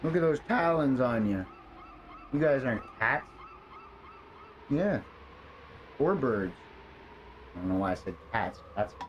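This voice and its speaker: A man's voice: medium pitch, expressive, measured pace, pauses often, lo-fi sound, a little hiss or hum. A man streaming a video game, chatting casually and muttering to himself and his pets as he plays. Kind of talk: casual gameplay commentary.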